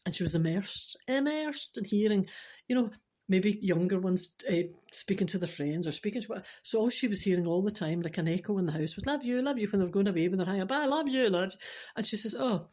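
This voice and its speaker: Lively Scottish woman telling a funny story. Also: medium pitch, fast talker. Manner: animated, exclaiming, acting out quotes with laughs. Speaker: spiritual speaker and storyteller. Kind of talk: humorous anecdote told to a listener.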